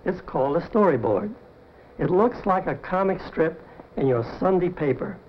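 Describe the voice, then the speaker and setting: A man gives a measured, scripted introduction as a television host, his voice sitting a little high. The audio is dull and lo-fi, with a faint hiss beneath it. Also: lively intonation. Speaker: show host. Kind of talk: scripted presentation.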